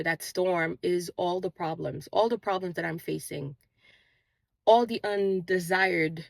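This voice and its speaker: A woman's voice: on the low side, creaky, no echo. A woman host giving an earnest spiritual motivational talk, with an accent she mentions herself and a repetitive, preaching rhythm, recorded outdoors on a walk. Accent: non-native English accent, origin unstated. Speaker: manifestation channel host.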